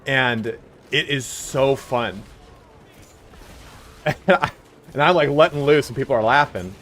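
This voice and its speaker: Loud, animated male streamer. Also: medium pitch, slow pace. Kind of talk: casual chat while live-streaming a game.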